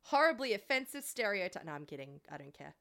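A woman's voice: mid-range voice, sing-song, fast, fairly bright tone. A woman co-hosting a podcast in casual chat, laughing often and swearing freely. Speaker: podcast co-host.

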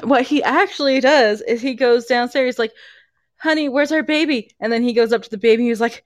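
A woman's voice: on the high side, fairly even intonation, quick pace, no room sound, clean studio sound. A young woman co-hosting a podcast, chatting casually and laughing often as she talks. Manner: giggly, laughs often while talking. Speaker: podcast co-host. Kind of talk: casual chat.

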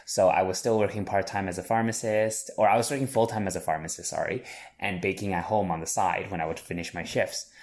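A man in his thirties answers interview questions in an earnest way, often restarting his sentences as he thinks. His voice sits very low. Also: fairly even intonation, fairly quick. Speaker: guest, chef and business owner.

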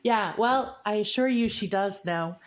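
A woman's voice: mid-range voice, unhurried. A woman coaching a client and group, teaching in emphatic, repetitive phrases. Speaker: relationship coach. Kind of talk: coaching session talk.

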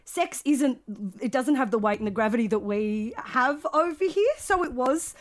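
High-voiced Australian woman, chatty. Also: lively intonation. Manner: chatty, halting, laughing storyteller. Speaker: guest comedian. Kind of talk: casual podcast chat.

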